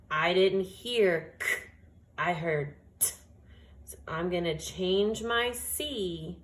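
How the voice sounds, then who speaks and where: Slow, deliberate woman teaching phonics. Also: fairly low pitch, a bit bright. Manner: slow, deliberate, sounds out words. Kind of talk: phonics lesson.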